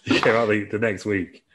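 A man's voice: fairly low pitch, a bit bright. A man co-hosting a podcast in loose, rambling casual chat. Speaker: podcast co-host.

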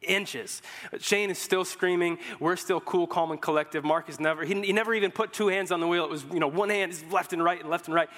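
A man's voice: high voice, steady tone, fast talker, few pauses, fairly bright tone, long reverb tail. A young man preaching a sermon as pastor, telling stories in a loose, joking way through a headset mic. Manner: storytelling, informal and joking. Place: church hall.

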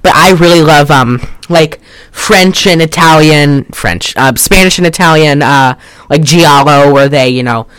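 A podcast co-host in a rambling, excitable, casual movie review chat, often laughing and swearing. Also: medium pitch, a little slow, smooth, dry recording.

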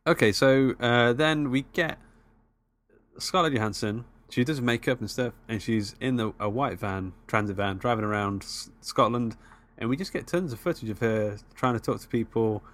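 A man's voice: mid-range voice, normal speed, a bit bright. A man co-hosting a casual film chat, easygoing and a little hesitant as he recaps scenes. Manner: easygoing, hesitant, many fillers. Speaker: podcast co-host.

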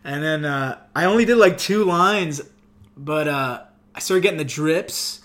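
Male comedian from Montreal, slightly high voice, rambling and self-mocking storyteller. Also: a little slow, a bit bright. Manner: rambling, profane, self-deprecating. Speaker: comedian guest. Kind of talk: casual storytelling chat.

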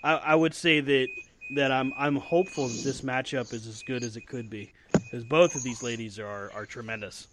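A man's voice: mid-range voice, fairly even intonation, normal speed, noisy background. A man co-hosting a casual wrestling podcast, chatty and laughing often, with hiccups. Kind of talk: casual chat.

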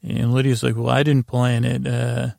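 Gravelly, monotone male sleep-podcast narrator. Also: no room sound, studio quality. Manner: halting and rambling, with many fillers and restarts; low-key, flat retelling of dialogue. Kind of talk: meandering bedtime recap of a TV episode.

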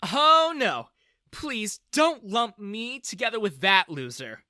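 Guy putting on a snarky young woman, high and lively. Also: slow, no room sound, clean studio sound, exaggerated voice. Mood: sassy. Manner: sassy, dismissive. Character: sassy young adult daughter, scornful.

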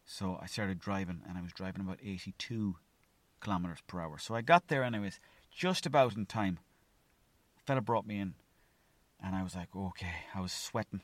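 A young Irishman from Mayo rambles through a story on his solo podcast, swearing freely and acting out his own thoughts. His voice sits low, he talks a little fast, and there's no echo.

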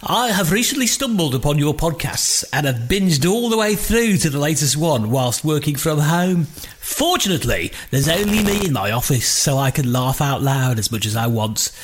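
A man's voice: a little high, sing-song, normal speed, few pauses, a little hiss or hum. A man hosting a podcast, reading listener emails aloud in a jokey, casual way and laughing easily. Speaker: podcast host.

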